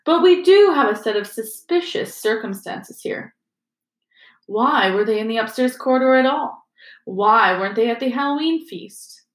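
A woman voicing a cold, sneering male teacher who drawls slowly. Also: on the high side, expressive, lightly acted. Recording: roomy echo.

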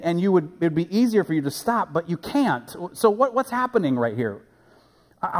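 A man preaching a sermon as a pastor, animated and playful, recorded in a church sanctuary. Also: fairly high pitch, long reverb tail.

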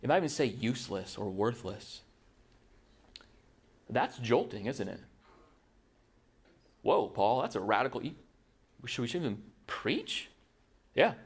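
A man's voice: medium pitch, very animated, measured pace, long pauses, slightly rough. Man preaching, asking rhetorical questions. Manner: conversational preaching with frequent rhetorical tag questions. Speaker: pastor. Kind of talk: sermon.

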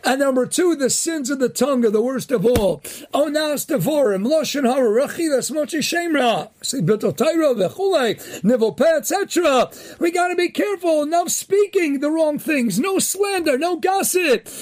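A man hosting a daily inspirational Torah talk, telling jokes and teaching, with animated delivery and Yeshivish Hebrew terms, rising to emphatic near-shouts. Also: extremely high pitch, normal speed.

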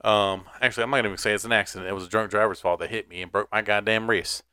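A man's voice: fairly low pitch, steady tone, racing, pushed and bright, smooth, dry recording, studio quality. A man, co-hosting a casual podcast and telling stories in a laid-back, profane way with frequent laughs. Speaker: podcast co-host. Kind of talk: casual chat.

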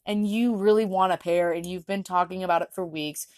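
A woman's voice: mid-range voice, little pitch movement, fast talker, few pauses, darkish tone, dry recording, clean studio sound. A young woman casually telling a rambling personal story, often laughing and restarting her sentences. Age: young adult. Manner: rambling, giggly, lots of fillers and restarts. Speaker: vlogger.

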